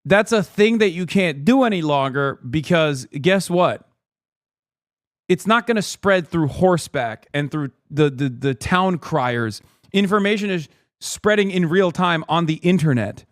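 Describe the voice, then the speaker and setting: A man's voice: on the high side, animated, a little slow, no room sound, studio quality. A man hosting a live stream, riffing sarcastically and with profanity as he reacts to a news clip.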